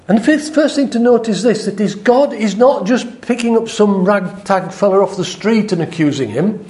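Male preacher, high voice, chatty sermon delivery, raises his voice to act out God's lines. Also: animated, normal speed, few pauses, darkish tone, roomy sound. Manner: conversational, acts out the quoted speech of God with a raised voice.

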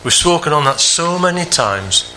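A man preaching a sermon, earnest, climbing higher for emphasis and dropping soft on the quieter phrases. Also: animated, normal speed, faint music behind.

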